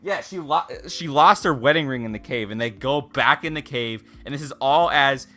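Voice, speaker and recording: A man's voice: medium pitch, normal speed, sharp tone. A man co-hosting a podcast, chatting casually in a rambling way, with lots of fillers and frequent laughter. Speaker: podcast co-host. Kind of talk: casual chat.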